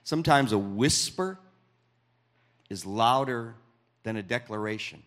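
A man's voice: fairly low pitch, animated. Man preaching, reading scripture dramatically. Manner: dramatic reading with pauses, drops to quiet asides.

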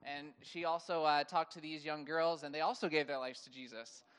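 A man's voice: fairly high pitch, fairly even intonation, a bit bright, clean tone, in a large hall. A man sharing upbeat testimony with praise and hesitations. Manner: upbeat, praise-filled, halting.

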